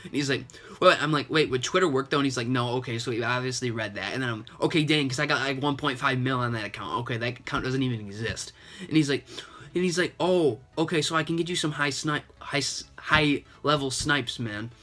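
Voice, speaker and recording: A young man vlogging about a video game in a chatty, sarcastic way. His voice is bright and forward, at an everyday middle pitch. He sounds a little sick, with the odd sniffle. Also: a little fast. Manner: chatty, retelling a chat with lots of "and he's like". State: slightly sick, coughing and sniffling. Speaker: gaming YouTuber. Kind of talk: casual gaming vlog commentary.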